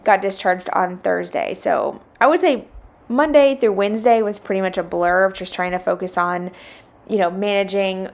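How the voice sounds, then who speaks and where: A young woman with a lilt talks casually to her viewers as she cleans. She vents in a chatty, exasperated way and breaks into laughter often, at an ordinary middle pitch. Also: moderate pace. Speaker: vlogger. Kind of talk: casual chat while cleaning.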